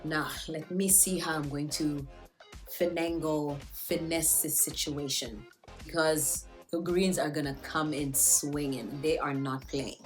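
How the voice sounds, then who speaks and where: A woman's voice: low-pitched, steady tone, unhurried, faint music behind. A woman recapping a TV episode in a casual vlog, joking and slangy. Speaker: TV show reviewer.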